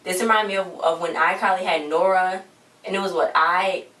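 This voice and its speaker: A woman's voice: lowish voice, fairly even intonation, moderate pace, fairly bright tone. A woman rambling through a casual TV recap with slangy, exasperated asides. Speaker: TV episode reviewer. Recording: roomy echo, distant mic, faint hiss.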